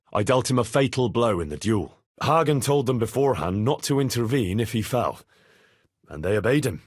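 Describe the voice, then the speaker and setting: An actor playing an earnest, dutiful young squire in a medieval game, speaking plainly and deferentially in recorded dialogue lines. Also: male voice, on the low side, breathy edge, dry recording, clean studio sound. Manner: plain, sincere and deferential, with many lines read twice. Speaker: player character in a game. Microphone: close studio mic.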